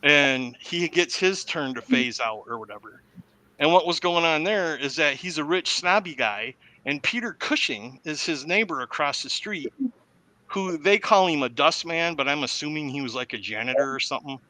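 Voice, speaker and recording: Bright-voiced man retelling a movie plot. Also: on the high side, moderate pace, rough recording. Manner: animated storyteller who acts out the quotes. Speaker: podcast host.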